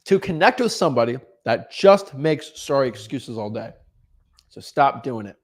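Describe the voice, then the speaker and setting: A young man giving casual motivational advice as a real estate coach, animated, often repeating and restarting words. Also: medium pitch, moderate pace. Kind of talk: casual motivational vlog talk.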